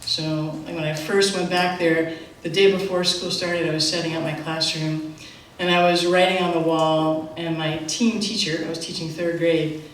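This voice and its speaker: A middle-aged woman telling a live personal story on stage, animated and self-mocking, with quick asides. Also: deep voice, slight background noise. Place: theater stage. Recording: echoey theater from far off.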